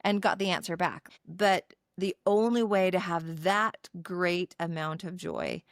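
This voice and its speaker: A woman's voice: on the low side, lively intonation, a little slow, no room sound, studio quality. A woman co-hosting a podcast, responding in a reflective, affirming conversational manner. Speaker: podcast co-host. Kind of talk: casual chat.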